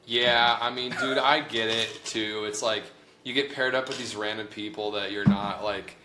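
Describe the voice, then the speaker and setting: A young man hosting a casual chat, laid-back and quick to laugh. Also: lowish voice, fairly even intonation, background noise. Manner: laid-back, laughs often, says "dude". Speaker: host, copywriting coach. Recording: roomy echo.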